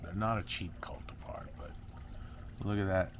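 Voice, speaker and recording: A man's voice: low voice, steady tone, moderate pace, a little hiss or hum. A young man rambling goofily to himself and his viewers while repotting plants in a casual vlog. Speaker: plant grower vlogger.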